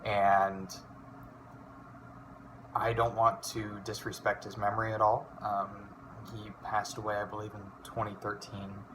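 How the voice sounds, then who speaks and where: A man's voice: lowish voice, completely flat delivery, a little slow, background noise. A man in his twenties chatting casually in a vlog, rambling and swearing with lots of fillers. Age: 20s. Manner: rambling, profane, many fillers. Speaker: hobby voice impressionist.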